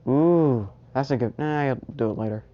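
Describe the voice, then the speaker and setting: A young person making up a fan story out loud, rambling and full of asides. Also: mid-range voice, normal speed. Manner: rambling, full of "you know" and tangents. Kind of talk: casual improvised storytelling. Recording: dull lo-fi recording.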